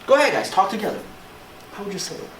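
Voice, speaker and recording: An English teacher giving a classroom lesson in an animated way, checking in with the class again and again. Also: mid-range voice, fast, a crowd in the background. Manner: animated, keeps checking in with "right?". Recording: echoey room, voice from far off, faint hiss.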